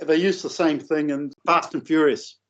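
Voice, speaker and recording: A man telling a long, rambling anecdote in a casual, animated way, with coarse language. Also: on the high side, normal speed. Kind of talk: casual storytelling. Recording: dull lo-fi audio.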